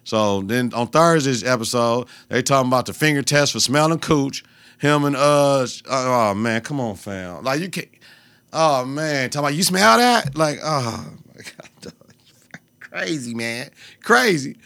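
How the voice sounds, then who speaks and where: Man podcast host, young adult, gravelly, dry close sound, loud and profane with bursts of laughter. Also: mid-range voice, measured pace, no echo. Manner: animated, profane, laughing storyteller. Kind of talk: casual solo podcast rant.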